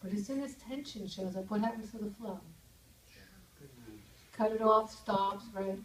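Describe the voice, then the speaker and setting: A woman giving a lively talk to a group and asking them questions as she goes. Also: medium pitch, measured pace, a crowd in the background. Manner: lively, asks the audience questions. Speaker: speaker leading a group session. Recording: echoey room, mic far off.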